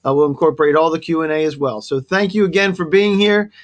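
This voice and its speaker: Talking fast in a slightly high voice, this webinar host runs an online government briefing, cheerfully listing web resources with a steady presenter's delivery. The audio sounds dull.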